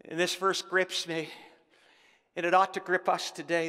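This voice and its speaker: A male pastor preaching to his congregation in a bright, forceful, slightly high voice. He builds fervor and calls out to the room. A long church-hall reverb trails his words. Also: level tone, normal speed, long pauses, clear, resonant tone. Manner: preaching with rising fervor and call-outs to the congregation. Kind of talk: sermon. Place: church sanctuary.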